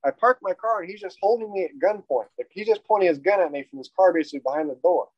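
A man casually retelling a personal story in a rambling, profane, animated way. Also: high voice, quick pace, slightly rough, dry recording. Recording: dry, dull lo-fi audio.

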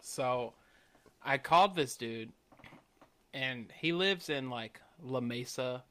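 A man's voice: mid-range voice, slow, sharp tone. A man co-hosting a podcast in casual, profane chat, laughing often. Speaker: podcast co-host.

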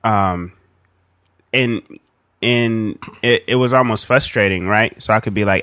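A man's voice: fairly low pitch, a little slow, pauses often, sharp tone, a little hiss or hum. A man co-hosting a podcast, talking in a reflective, rambling way with many ums. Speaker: podcast co-host. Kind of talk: casual chat.

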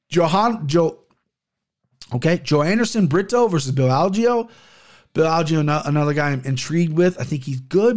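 A man's voice: on the high side, darkish tone. A man hosting his own podcast in casual solo chat, rambling, swearing freely and stumbling over names. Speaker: podcast host.

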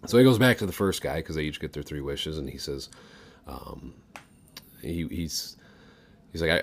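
A low-voiced man tells a long joke on a podcast. He rambles with fillers and the odd swear word, casual and unhurried. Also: animated. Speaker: podcast co-host.

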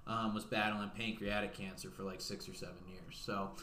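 Bright-voiced man telling a story casually. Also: on the low side, level tone, normal speed, slight background noise. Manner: rambling, filler-heavy, laughs through his story. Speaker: podcast co-host. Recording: echoey room.

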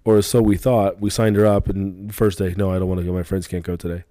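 A man with a very deep, warm voice, co-hosting a relaxed podcast chat. His remarks are dry and laid-back, recorded close and dry. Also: a little fast, no echo. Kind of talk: casual chat.

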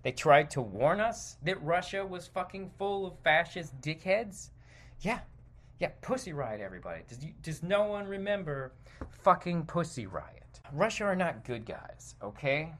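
A man's voice: on the high side, big pitch swings, a little slow. A man hosting a podcast, delivering a heated, profane opinion monologue that rambles and interrupts itself. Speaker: podcast host.

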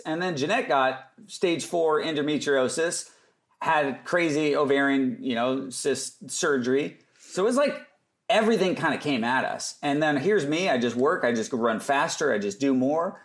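A man speaking as a guest on a podcast, his voice sitting a little above the usual male range. He tells lively stories in a casual way and acts out the lines of the people in them. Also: on the high side, moderate pace. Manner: lively anecdotes, acting out other people's lines. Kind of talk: casual storytelling interview.

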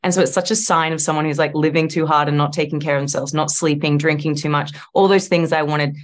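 Low-voiced Australian woman, chatty. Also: quick pace. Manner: chatty, lots of likes and restarts, animated. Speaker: actress guest. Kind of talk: casual interview chat.

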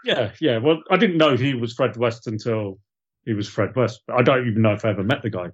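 A man's voice: mid-range voice, a little fast, husky. A man from the East Midlands chats on a podcast, telling loose, rambling stories in a friendly tone. His voice sits mid-range. The sound is muffled and lo-fi. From East Midlands, England. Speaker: podcast co-host. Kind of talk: casual chat.

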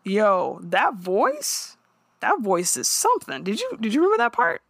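A woman co-hosting a podcast, recapping a show in casual chat with animated, profane storytelling and quick character impressions. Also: medium pitch, gravelly, no room sound, studio quality.

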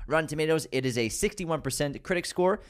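A man's voice: on the high side, fast talker, clean tone. A man co-hosting a movie review podcast, talking in an amped-up, playful, casual way. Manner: hyped, playful, animated delivery. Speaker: podcast co-host.

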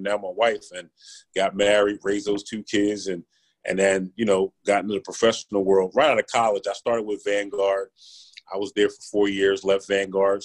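Guesting on a podcast, a husky man from Philadelphia relates stories in a relaxed interview with a lowish, animated voice. He repeatedly tosses in "right?" and performs the lines he quotes.

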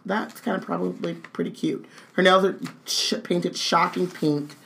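A woman's voice: on the low side, fairly even intonation, measured pace, creaky, background noise. A woman co-hosting a casual read-along stream, reading book dialogue with playful jokes and asides.

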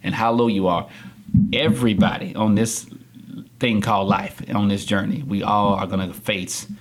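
A young adult man, a podcast guest, talking candidly and acting out the people he quotes in a studio interview. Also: moderate pace. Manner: animated storyteller, acts out quotes with big pitch jumps.

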